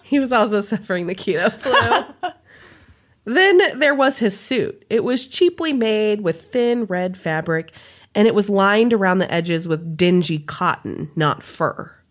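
A woman's voice: medium pitch, expressive, measured pace. A woman hosting a podcast, reading a story aloud in a casual chat style and breaking off for laughs and asides. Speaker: podcast host.

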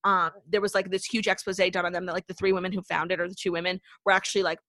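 A woman's voice: lowish voice, little pitch movement, a bit bright, dry recording, clean studio sound. A young woman co-hosting a podcast, chatting casually and gushing with a profane edge. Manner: gushing, profane, fast recaps of reality TV. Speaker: podcast co-host. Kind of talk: casual chat.

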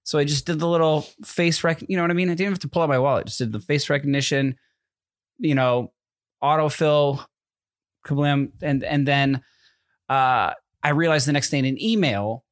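A man's voice: on the high side, normal speed, no room sound, studio quality. Rambling man telling a podcast story. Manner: rambling storyteller, acts out quotes, many fillers. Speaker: podcast co-host. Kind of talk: casual chat.

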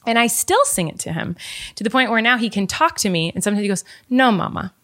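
A young woman and mother chatting casually about songs she wrote for her son. She talks quickly and emotionally and often laughs at herself. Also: on the high side, very animated, a bit bright. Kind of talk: casual chat. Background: ukulele.

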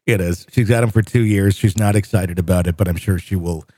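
A man's voice: low voice, fairly quick, warm tone, no echo. A man hosting a radio call-in show, chatting in an easygoing way with chuckles and loose restarts. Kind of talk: casual chat.

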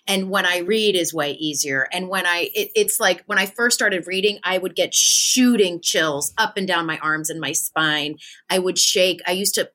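Bright-voiced chatty woman medium. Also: on the low side, normal speed. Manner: chatty, animated, acts out voices in her stories. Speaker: spiritual medium guest. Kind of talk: casual podcast storytelling.

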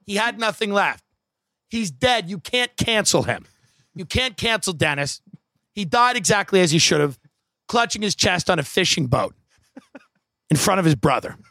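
Male comic, slightly higher-pitched voice, wry and profane, rambling storyteller, dry close sound. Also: lively intonation, normal speed, pauses often, pushed and bright, no echo. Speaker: comedian. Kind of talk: stand-up storytelling.

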